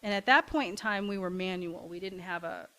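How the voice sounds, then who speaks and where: A woman's voice: on the low side, brisk. A middle-aged woman from Kentucky, founder of a community café, giving a talk and telling a story with frequent "um"s and restarts. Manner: warm storytelling with hesitant fillers. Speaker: nonprofit café founder and director. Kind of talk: talk to a congregation.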